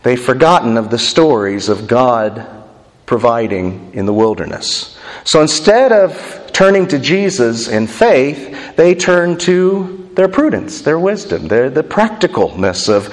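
A man, a pastor with a slightly raised voice, delivering an expository sermon that echoes through a large sanctuary. He drops low and quiet on the words he wants to stress and slows right down to let them land. The long reverb of the hall trails after each phrase. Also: big pitch swings.

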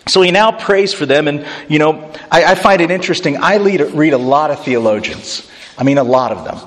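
A pastor delivering a sermon in a church hall, animated and joking with the congregation. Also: male voice, a little high, fairly quick. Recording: echoey hall.

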